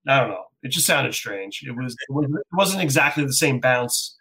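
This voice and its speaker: Man, screenwriter telling a relaxed anecdote. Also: mid-range voice, moderate pace, creaky, slightly rough, rough recording. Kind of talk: casual interview chat.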